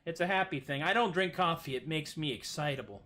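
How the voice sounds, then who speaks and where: A man's voice: fairly high pitch, brisk, sharp tone. A man hosting a livestream music show, chatting casually and goofily between his songs in a rambling, self-deprecating way at home. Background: acoustic guitar playing.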